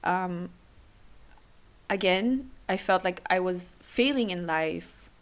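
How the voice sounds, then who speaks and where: A young woman hosting her own podcast, talking emotionally and haltingly, tearful at times. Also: on the low side. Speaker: podcast host. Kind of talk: personal solo podcast.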